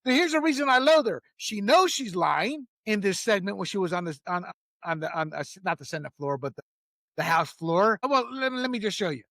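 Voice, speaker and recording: A man's voice: high voice, animated, a little fast, a bit bright, dry recording, clean studio sound. A man hosting a political commentary show, talking in a heated, emphatic way and laughing at his own jokes.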